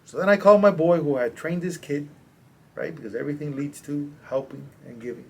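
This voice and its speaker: Guy coach on a podcast, kinda high voice, animated slangy storytelling. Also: fairly quick, creaky, slight background noise. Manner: animated, slangy, acts out quotes. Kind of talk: casual storytelling in a podcast interview.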